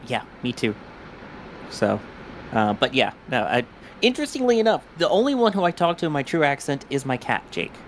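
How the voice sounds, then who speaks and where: Male co-host for live launch-pad commentary; chatty, jokey, quick. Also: mid-range voice, big pitch swings, slight background noise. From New York–New Jersey border. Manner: joking, chatty, quick asides. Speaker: livestream co-host.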